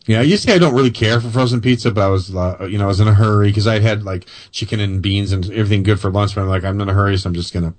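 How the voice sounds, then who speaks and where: A man's voice: lowish voice, very fast, few pauses. An American man hosting a show, rambling in self-mocking, apologetic casual banter. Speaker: podcast host. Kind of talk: joking casual chat.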